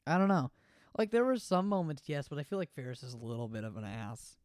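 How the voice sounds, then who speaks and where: A man co-hosting a casual chat recap of an anime, blunt and opinionated and quick to swear. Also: medium pitch, sing-song, a little mellow, no room sound, studio quality. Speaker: podcast co-host.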